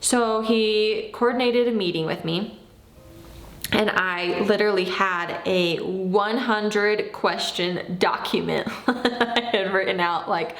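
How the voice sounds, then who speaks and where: A woman in her thirties tells a personal story in a casual, animated way. She acts out what she said back then. Her voice sits at a middle pitch, and the room around her is very echoey. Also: slow. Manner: animated, acts out her own past lines. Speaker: vlogger.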